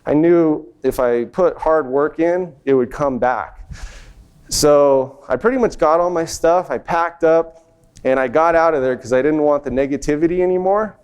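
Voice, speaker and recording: A young man speaking at a conference, telling a personal success story on stage in an animated way and acting out the people he quotes. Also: mid-range voice, clean tone. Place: event stage before an audience.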